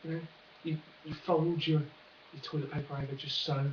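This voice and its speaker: A man's voice: a little high, level tone, a little fast, echoey room, distant mic, lo-fi sound, slight background noise. A man vlogging in a rambling comic monologue, full of jokey, sarcastic asides.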